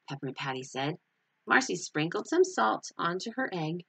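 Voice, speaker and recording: A woman teacher reading a children's picture book aloud, telling the story expressively. Her voice sits fairly low and moves with lively rises and falls. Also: moderate pace, gravelly, husky.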